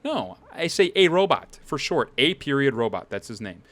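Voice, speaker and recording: Brash male streamer, lively bright delivery, arguing in a mock courtroom. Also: mid-range voice, moderate pace, no echo. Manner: brash, rambling, argumentative. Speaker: streamer playing a defense lawyer in a courtroom game. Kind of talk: improvised role-play banter.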